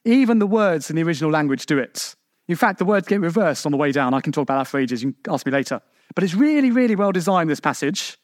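A man delivers a sermon in a high voice with a dry, close sound. He is emphatic, asking his listeners rhetorical questions, and leaps up and down in pitch to drive his points home. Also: expressive, quick pace, no room sound. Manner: shifts pitch sharply for emphasis. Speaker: preacher.

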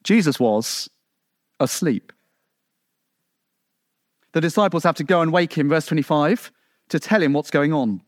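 A man from England preaching a sermon in a conversational way, with rhetorical questions and asides, building to emphatic peaks and then dropping low. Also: brisk, no room sound, studio quality.

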